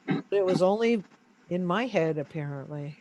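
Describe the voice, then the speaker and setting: High-voiced man telling a story. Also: moderate pace, dull audio. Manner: storytelling, animated, with many fillers. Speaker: interview guest. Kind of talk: casual interview talk.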